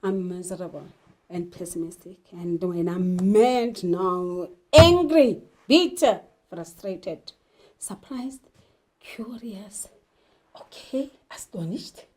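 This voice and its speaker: Slow, mellow-voiced woman teacher. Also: on the low side, rough recording. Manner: slow, emphatic, asks learners questions. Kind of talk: televised classroom lesson.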